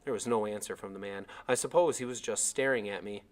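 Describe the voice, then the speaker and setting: A man reading a chapter of a novel aloud as narrator, with expressive storytelling. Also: lowish voice, a little fast.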